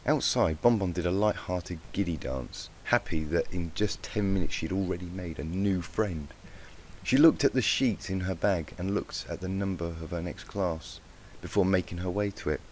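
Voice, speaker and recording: Low-voiced man reading a story aloud. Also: moderate pace, slight background noise. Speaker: fanfic reader. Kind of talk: storybook narration.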